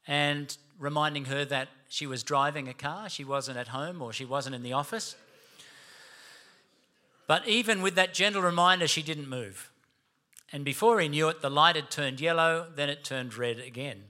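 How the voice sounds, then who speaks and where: Aussie guy preaching, tells stories, punchy and emphatic, bright voice. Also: fairly high pitch. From Australia. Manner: storytelling, emphatic. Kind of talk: sermon.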